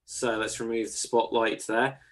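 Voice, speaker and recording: A man hosting an improv show, announcing in a measured way and drawing out his cues. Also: medium pitch, flat delivery. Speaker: host.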